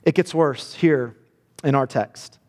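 A man's voice: medium pitch, takes it slowly, a little mellow, big-room sound. A man preaching a sermon, earnest, often repeating words as he builds a point.

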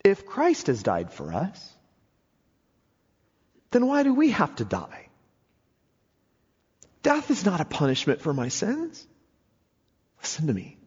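A man preaching a sermon with emphatic delivery, swinging between soaring and hushed moments. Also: fairly high pitch, huge pitch swings, takes it slowly, pauses often, breathy edge. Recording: dull lo-fi audio with long hall reverb.

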